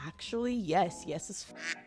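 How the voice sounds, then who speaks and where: A young woman in her twenties with a hoarse voice, chatting sarcastically and swearing in a giggly comedic vlog. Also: lowish voice, moderate pace. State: hoarse from raving. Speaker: vlogger. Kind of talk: casual comedic vlog commentary. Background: soft background music.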